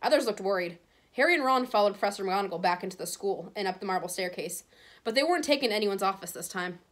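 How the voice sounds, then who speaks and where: A woman's voice: medium pitch, quick pace. Teacher reading a novel aloud to her class. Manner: steady, with small stumbles and self-corrections.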